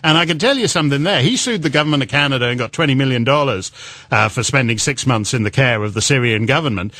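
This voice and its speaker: Lively animated man on talk radio. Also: mid-range voice, fast. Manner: rambling and mocking, breaks into laughter, puts on silly voices for quotes. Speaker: guest radio host. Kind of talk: comedic political commentary on talk radio.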